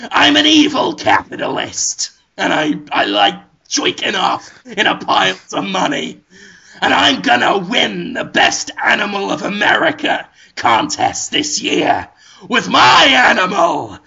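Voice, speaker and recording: A man's voice: sits high, huge pitch swings, unhurried, vocal fry, bright, forceful tone, husky, full character voice. A man doing a blustering evil farmer. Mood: boastful. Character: greedy evil capitalist farmer, loud, cigar-chomping man. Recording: muffled lo-fi recording.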